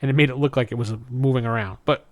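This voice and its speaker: A man's voice: medium pitch, fast talker, darkish tone, no room sound, studio quality. A man co-hosting a podcast, recapping a cartoon episode in a casual chat and briefly mimicking characters' lines. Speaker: podcast co-host.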